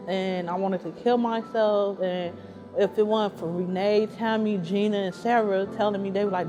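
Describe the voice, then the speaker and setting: A woman's voice: mid-range voice, steady tone, normal speed, over music. A woman from Chicago speaking earnestly and emotionally in a documentary interview, often repeating herself. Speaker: interviewee, mother seeking housing.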